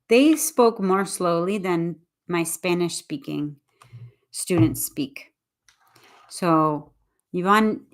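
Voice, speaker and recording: A woman English teacher chatting casually on a livestream, talking quickly and interrupting herself as she speaks to viewers. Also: fairly low pitch. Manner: fast, chatty, self-interrupting, talks to viewers.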